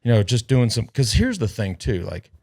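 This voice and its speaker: Rambling, foul-mouthed podcast host. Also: male voice, fairly low pitch, big pitch swings, normal speed, darkish tone. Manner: rambling, profane, joking. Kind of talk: casual podcast chat. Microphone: headset.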